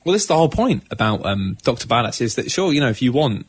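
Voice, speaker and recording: A man's voice: medium pitch, sing-song, a little hiss or hum. A man co-hosting a comedy podcast, joking crudely and laughing through improvised banter. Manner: crude, jokey, quick to laugh. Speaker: podcast co-host.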